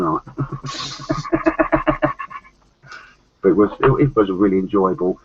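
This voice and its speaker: A man's voice: lowish voice, moderate pace, long pauses, breathy edge. A man with a Cockney accent chatting casually on a podcast, rambling with loose asides. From London. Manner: chatty, rambling, swears and laughs often. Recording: dull lo-fi audio.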